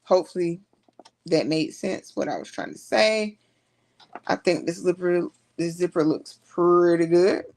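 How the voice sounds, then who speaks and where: A woman's voice: on the low side, fairly even intonation, a little slow, a little mellow. A woman, chatting casually to her viewers as she works through a sewing tutorial. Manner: chatty, talks to viewers while working. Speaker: sewing vlogger.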